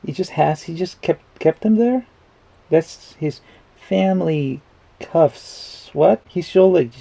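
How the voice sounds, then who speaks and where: Gravelly-voiced man reacting to a movie. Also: on the high side, slow pace, dark tone, poor audio. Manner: rambling, chuckling, swears casually. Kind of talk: casual movie reaction commentary.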